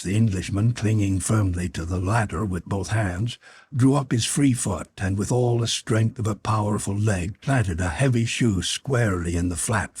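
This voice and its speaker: Man, audiobook narrator, very raspy voice, lowish pitch, measured dramatic reading. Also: a little mellow. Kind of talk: scripted narration.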